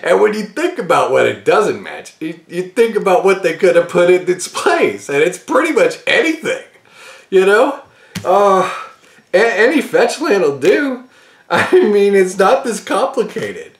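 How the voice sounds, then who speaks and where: A man's voice: high-pitched, sing-song, unhurried. Giggly rambling man in an echoey room. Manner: laughs often, rambling with restarts. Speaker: card-opening channel host. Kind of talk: casual opinion vlog.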